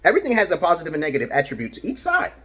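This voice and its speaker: A man's voice: fairly high pitch, wildly swooping pitch, very fast, a bit bright, slightly rough. A man from Brooklyn, talking to camera in a rambling, profane, boastful monologue that drops to mutters and jumps to outbursts. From Brooklyn, New York. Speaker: video blogger.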